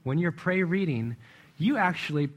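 A man's voice: fairly high pitch, lively intonation, moderate pace. A man preaching in a conversational way, stressing words with emphasis and chuckling often. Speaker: church speaker. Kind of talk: conversational sermon.

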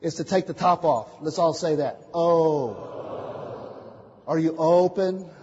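Male preacher, kinda high husky voice, quizzes the crowd, quiet then loud, muffled echoey hall. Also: slow pace, slight background noise. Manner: calls out questions for the congregation to answer; swings from quiet asides to loud declarations. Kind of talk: sermon. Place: church meeting hall.

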